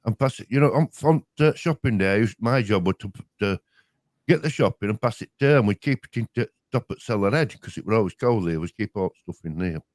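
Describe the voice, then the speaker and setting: Older Yorkshire man, low and dry. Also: expressive, fast, a little mellow, no echo. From Yorkshire, England. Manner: rambling storyteller, broad dialect, chuckling. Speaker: podcast co-host. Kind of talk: casual reminiscing chat.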